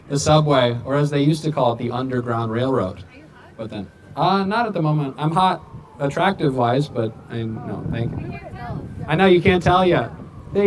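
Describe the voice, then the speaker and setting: Male street comic, high voice, dry roasting crowd work outdoors, faint city noise. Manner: rapid deadpan roasts, wisecracking. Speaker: street comedian.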